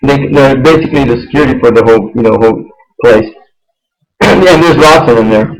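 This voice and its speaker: A man's voice: medium pitch, low-quality recording. Rambling man telling a story. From United States. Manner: rambling, halting, repeats and restarts phrases. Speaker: host. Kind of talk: casual personal storytelling on an internet radio show.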